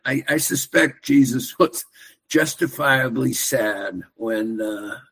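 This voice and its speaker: A man calling in to a talk show, calmly explaining with some ums. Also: mid-range voice, slow, breathy edge, rough recording. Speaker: caller. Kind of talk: casual call-in chat.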